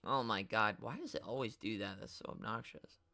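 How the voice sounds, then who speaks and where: With a fairly low pitch, vocal fry, and a bright, forceful tone, a young man speaks a little fast while hosting a casual toy collecting live stream. He rambles in slang, reading chat and answering it with growing exasperation; there's no room sound.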